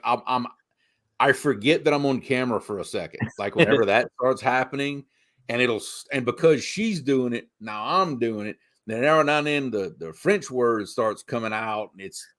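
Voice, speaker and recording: A man's voice: mid-range voice, moderate pace, a bit bright. Cajun-accented man telling stories. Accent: south Louisiana Cajun. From Louisiana. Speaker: co-host. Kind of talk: casual chat.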